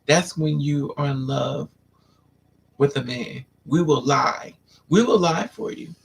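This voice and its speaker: This livestream host talks slowly in a gravelly voice, slight background noise present, through a candid, sassy, blunt monologue. She drops "honey" and "child" into her stories and, animated, slips into dramatic high-pitched put-on voices to play others.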